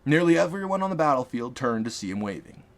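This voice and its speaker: Expressive man narrating an audiobook. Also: mid-range voice, fast. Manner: expressive, dramatic reading. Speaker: author and narrator.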